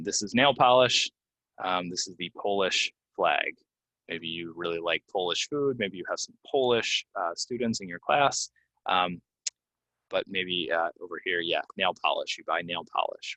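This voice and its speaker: Male teacher, deep and bright, dry close sound, casual and filler-heavy. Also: dry recording, low-quality recording. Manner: casual, explains with many fillers and repeats words slowly. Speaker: English pronunciation teacher. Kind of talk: relaxed video lesson. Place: Florida.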